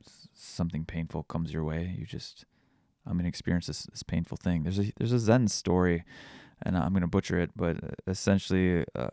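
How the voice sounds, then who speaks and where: A man hosting a podcast, thinking out loud in a casual reflective monologue, searching for words with frequent restarts. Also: sits low, fairly even intonation, a little fast, vocal fry, hardly any pauses, no echo, clean studio sound. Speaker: podcast host.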